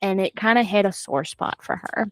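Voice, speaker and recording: A woman's voice: medium pitch, moderate pace, no echo, studio quality. A woman hosting a book club podcast, casually retelling the plot with laughs and acted-out lines. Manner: animated, laughing, acting out characters' lines.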